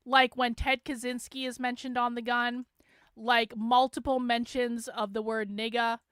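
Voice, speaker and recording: A woman's voice: a little high, level tone, measured pace, fairly bright tone, clear, resonant tone, dry recording, studio quality. A woman hosting a livestream, talking sarcastically and profanely to her chat. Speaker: host. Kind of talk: livestream commentary.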